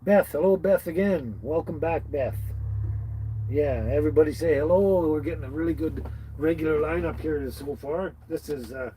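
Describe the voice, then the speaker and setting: The sound quality is poor, with slight background noise. Speaking at a moderate pace, a man with a high-leaning voice and dark tone hosts a casual livestream from his tiny house in British Columbia, Canada, with dogs nearby, warmly greeting viewers by name in a folksy way.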